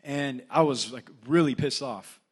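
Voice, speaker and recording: A young assistant pastor with a Californian accent tells a personal story during a relaxed church sermon, his speech packed with fillers. His voice is medium-pitched, a bit slow, and slightly rough.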